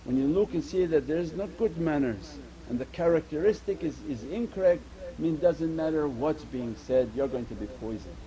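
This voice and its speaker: A man's voice: on the high side, moderate pace, warm tone, low-quality recording. A man giving an earnest Sufi sermon, repeating his points and mixing Arabic religious terms into English. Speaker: Sufi teacher.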